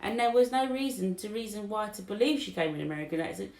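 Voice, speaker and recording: A woman with a gravelly, creaky voice tells a story in casual podcast chat, and her words ring in a roomy space. She keeps coming back to the same point. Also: medium pitch, expressive, quick pace, darkish tone. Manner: storytelling, repeats herself. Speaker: podcast co-host. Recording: roomy echo.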